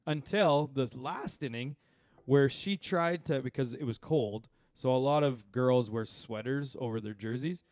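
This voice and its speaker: Sex: man. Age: 30s-40s. Role: podcast co-host. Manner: animated, rambling storyteller. Sound: dry, close. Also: medium pitch, a little slow, dry recording. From Saskatchewan, Canada. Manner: animated storyteller, rambling with many fillers and asides. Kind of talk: casual chat.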